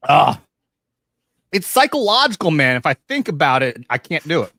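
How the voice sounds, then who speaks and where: A man's voice: fairly high pitch, moderate pace, gravelly, no echo. A man hosting a casual online talk show, joking and cursing freely with his co-hosts. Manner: animated, profane, jokey. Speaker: podcast host. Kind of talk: casual chat.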